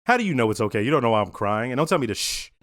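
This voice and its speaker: A man talks through a show in casual, blunt commentary, his pitch swinging up and down as he reacts. He swears freely and laughs often. The sound is dry and close, with no room echo. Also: big pitch swings, racing, fairly bright tone. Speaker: reaction video host.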